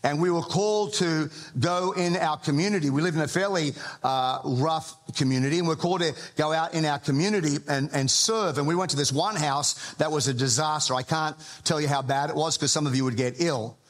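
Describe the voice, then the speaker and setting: A man, a pastor, preaching a sermon in a relaxed, humorous, conversational storytelling style. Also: on the high side, brisk, hardly any pauses. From Australia.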